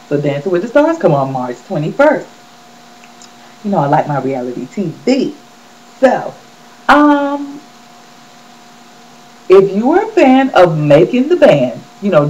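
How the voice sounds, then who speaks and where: A woman's voice: low-pitched, mellow, muffled recording, a little hiss or hum. A woman hosting a casual celebrity gossip vlog, chatty and sassy, talking straight to her viewers.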